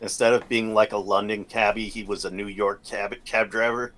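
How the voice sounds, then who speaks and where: A man joining a podcast in casual chat, jumping in with quick interjections. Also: lowish voice, flat delivery, a bit bright.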